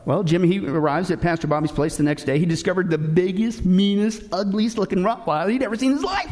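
A man's voice: sits high, fast, few pauses, darkish tone. A man preaching a sermon as pastor, telling folksy jokes and addressing the congregation as folks.

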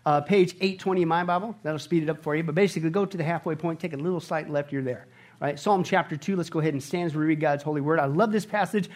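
High-voiced animated preacher man. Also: fast talker. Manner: animated, rhetorical, keeps asking "right?"; swings from hushed to loud and emphatic. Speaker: pastor. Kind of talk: sermon. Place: church service before a congregation.

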